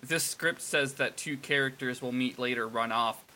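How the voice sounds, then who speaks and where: A man co-hosting a casual chat. He makes dry, wry quips between plain stretches of talk. His voice has a very bright, forward tone. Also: medium pitch, moderate pace. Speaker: podcast co-host.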